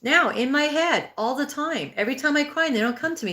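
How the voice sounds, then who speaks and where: A woman's voice: high voice, lively intonation, quick pace, pushed and bright. Woman in her 60s doing a spiritual healing livestream, earnest and chatty, lots of restarts, answers comments. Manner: earnest and conversational, with frequent restarts; acts out inner thoughts in a raised, pleading voice. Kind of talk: live-streamed talk answering viewer comments.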